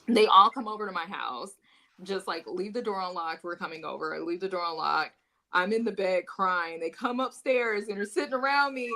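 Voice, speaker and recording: Young woman, podcast guest, casual storytelling, bright tone, animated, laughing, swearing. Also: medium pitch, normal speed, low-quality recording. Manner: animated, laughing, swearing freely, acting out quoted voices.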